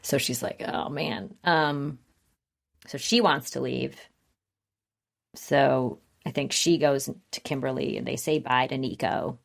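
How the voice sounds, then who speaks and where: A woman's voice: rumbling low, a little slow, creaky. A woman co-hosting a podcast, chatting casually as she recaps a TV episode and acts out the characters' lines. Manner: retells scenes, acting out characters' lines in a raised voice. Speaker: podcast co-host.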